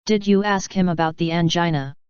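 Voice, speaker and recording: A woman's voice: fairly low pitch, fairly quick, a little mellow, clean tone, no room sound, highs cut off, lightly acted. A woman reading the lines of a caring man worried about his elderly neighbor. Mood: concerned. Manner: concerned, caring.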